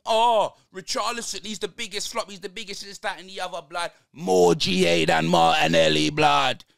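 A man's voice: high-pitched, normal speed, vocal fry, a crowd in the background. A young man giving a live, slang-heavy football match reaction. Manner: excitable, slang-heavy banter. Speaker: football fan channel host.

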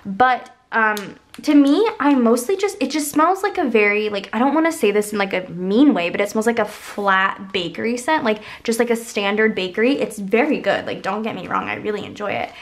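A woman's voice: mid-range voice, big pitch swings, a little fast, few pauses. A young woman with a congested, stuffy voice, chatting casually and rambling through a shopping haul with lots of filler words. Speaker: haul vlogger.

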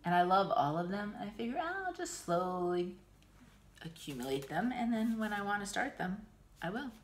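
A middle-aged American woman chatting casually and warmly about her stitching haul, gushing and emotional, restarting often. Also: mid-range voice, big pitch swings, moderate pace, a little hiss or hum. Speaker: cross-stitch vlogger. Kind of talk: casual chat.

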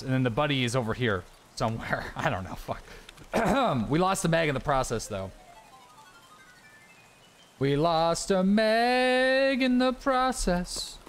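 A man's voice: mid-range voice, fairly bright tone. A young man, streaming a shooter game with joking, swearing running commentary. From Canada. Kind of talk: casual gameplay commentary.

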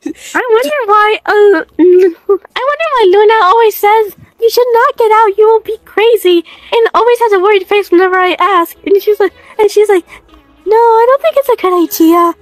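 A woman's voice: very high voice, moderate pace, dry recording. A woman voicing a childish, mischievous bunny animatronic girl in a roleplay, playful, whiny and dramatic. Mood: puzzled. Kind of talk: Minecraft roleplay voice acting.

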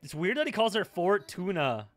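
A man's voice: high-pitched, sing-song, normal speed, soft background music. A young man hosting an anime reaction, blurting questions, swearing at the screen and cooing over cute moments. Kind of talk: live anime reaction commentary.

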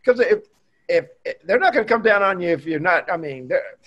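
A man in his fifties, a former pro baseball player, chatting as a podcast guest and telling relaxed, expressive stories. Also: high-pitched, fairly quick. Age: 50s. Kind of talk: casual chat. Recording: dull lo-fi remote audio.

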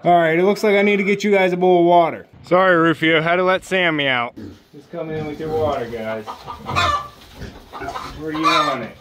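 A man doing casual vlog narration during farm chores, talking softly and fondly to his animals in a barn. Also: fairly high pitch, normal speed, background noise. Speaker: homesteader. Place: barn and animal pen, indoors. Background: chickens clucking.

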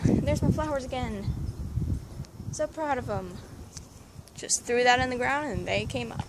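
High-voiced deadpan woman vlogging outdoors. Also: unhurried, long pauses, noisy background. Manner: deadpan, sarcastic asides. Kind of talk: casual comedic garden tour. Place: outdoors in a backyard garden. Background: neighbor's dog barking.

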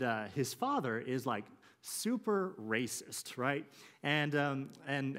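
A man's voice: mid-range voice, a bit bright. A man pastor giving a conversational sermon in a church, with many fillers, who acts out the quotes he tells.

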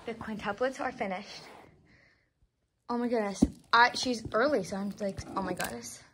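A young woman unboxing a doll for her vlog, gushing and squealing with excitement and repeating exclamations. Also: fairly high pitch, normal speed, a little hiss or hum. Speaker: doll collector vlogger.

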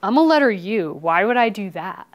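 A woman doing a gruff tough-guy letter U. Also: medium pitch, lively intonation, moderate pace, lightly acted. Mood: stubborn. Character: tough male letter U, stubborn.

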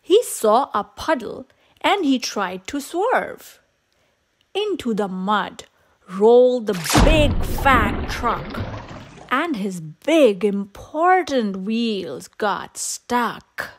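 A woman reads a children's picture book aloud in a sing-song storytime manner. Her voice is high and very lively, rising and falling with each line. She takes her time and keeps it very slow. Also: slight background noise. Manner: sing-song, expressive, unhurried.

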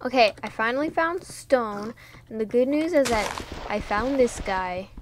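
A young woman talks her way through a game session in a fairly high, chatty voice, joking, rambling and laughing at herself. Music plays behind her the whole time. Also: expressive, unhurried. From New York. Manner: chatty, jokey, easily startled, lots of fillers and laughs. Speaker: gaming vlogger. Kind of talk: casual gameplay commentary.

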